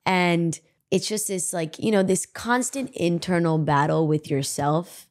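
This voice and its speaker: A woman hosting a podcast interview, expressive and emotional, often affirming her guest. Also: lowish voice, a little slow. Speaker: podcast host. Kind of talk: conversational interview.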